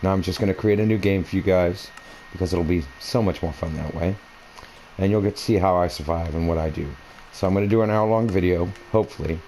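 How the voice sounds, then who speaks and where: A man's voice: low-pitched, fast talker, dark tone, slight background noise, rough recording. A man recording a gaming video, rambling through a personal story in a meandering, conversational way while he plays at home. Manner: meandering, conversational, many fillers and restarts. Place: at home, playing a console game.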